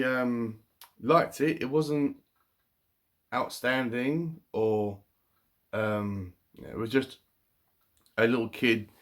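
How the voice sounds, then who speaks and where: A man's voice: medium pitch, fairly bright tone. A man casually reading a children's picture book aloud, breaking off for chatty, wry asides. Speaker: book reviewer.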